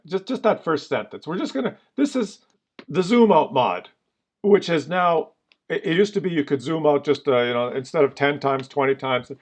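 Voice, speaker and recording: A man giving casual commentary on a game, exasperated and ranting, with many fillers. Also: on the high side. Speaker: gaming commentator. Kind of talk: casual commentary over gameplay video.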